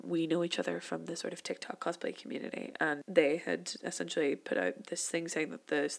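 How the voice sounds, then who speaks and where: A woman answers an interview question with warmth and enthusiasm. Her voice is low and carries a gravelly fry. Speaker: audio drama voice actor.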